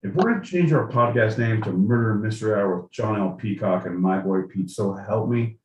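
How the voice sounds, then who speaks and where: A man's voice: fairly low pitch, normal speed, a little mellow, recorded from a distance, lo-fi sound. A man co-hosting a casual podcast, ranting in mock outrage with lots of swearing. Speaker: podcast co-host. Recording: echoey room with faint noise.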